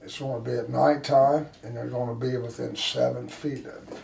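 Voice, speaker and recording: A man teaching a firearms class, blunt and forceful, acting out street scenarios for his students. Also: medium pitch, little pitch movement, normal speed, vocal fry, a little hiss or hum. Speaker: firearms instructor. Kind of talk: classroom instruction. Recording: echoey room from far off.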